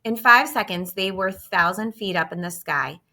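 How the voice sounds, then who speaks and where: A woman narrating a children's storybook in an expressive, steady reading voice. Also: mid-range voice, moderate pace. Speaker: audiobook reader.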